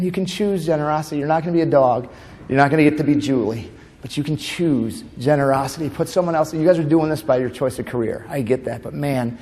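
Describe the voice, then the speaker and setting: A man giving a conference keynote as a comedian and motivational speaker. He moves between tender storytelling and animated comic bits. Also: mid-range voice. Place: conference hall. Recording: long hall reverb.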